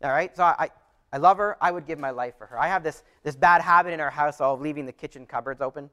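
Pastor guy with a high voice, earnest sermon, chatty, keeps restarting his sentences. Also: fast talker, bright, forceful tone. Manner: earnest, conversational preaching with repeated restarts.

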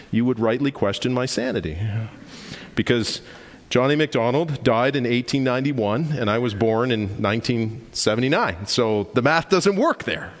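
A man's voice: medium pitch, in a large hall. A man in his forties preaching a sermon, emphatic and explanatory, posing rhetorical questions to the congregation. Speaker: pastor.

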